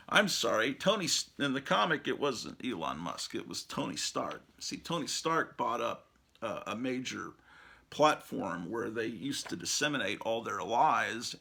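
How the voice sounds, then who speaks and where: A man's voice: medium pitch, gravelly, sharp tone, slightly rough. A man hosting his own show, talking in a rambling casual monologue full of fillers, restarts and little chuckling asides. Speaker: show host.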